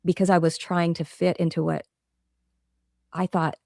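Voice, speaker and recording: Middle-aged woman guest, mellow gravelly voice, earnest and reflective, interview chat. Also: lowish voice, little pitch movement, normal speed, no room sound, studio quality. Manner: earnest, reflective, talks through examples. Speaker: guest author. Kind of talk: casual interview conversation.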